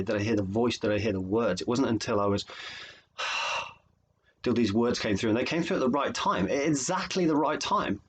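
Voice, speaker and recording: A man's voice: mid-range voice, breathy edge, low-quality recording. A man from England, a life coach, talking earnestly and emotionally to camera, often repeating phrases for emphasis. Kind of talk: motivational video monologue.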